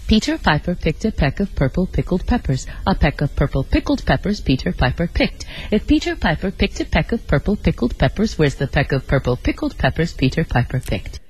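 A professional storyteller, heard in a recorded clip, recites a tongue twister with crisp diction. The voice is slightly husky, and its pitch bounces lively from word to word. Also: poor audio. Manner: crisp, rapid-fire articulation.

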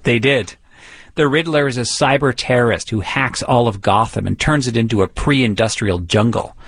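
A male interviewer with a gravelly edge narrates in a measured way. The sound is dry and close. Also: medium pitch, no echo. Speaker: interview host.

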